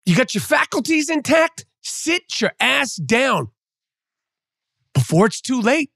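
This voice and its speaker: A man's voice: very high-pitched, very animated, takes it slowly, vocal fry, bright, forceful tone, no room sound, studio quality. A male podcast host delivering a profane, mocking sports rant. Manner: profane, mocking, trash-talking.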